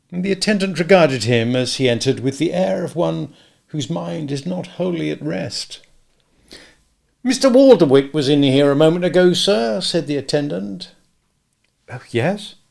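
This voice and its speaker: A man's voice: mid-range voice, gravelly. A man narrating a comic novel in a genteel, droll style, giving the hero a suave, grand manner. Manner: genteel, droll, lively character voicing. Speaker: audiobook narrator. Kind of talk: scripted narration.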